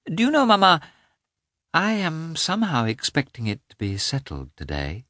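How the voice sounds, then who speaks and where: Eager young noblewoman, gushing and high, played by a male reader. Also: huge pitch swings, moderate pace, bright, forceful tone, dry recording, studio quality, full character voice. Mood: excited.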